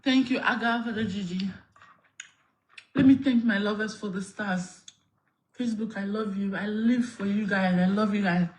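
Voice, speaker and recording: A woman livestreaming, laughing loudly and thanking viewers for their gifts in a playful, patois-tinged way. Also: mid-range voice, steady tone, moderate pace.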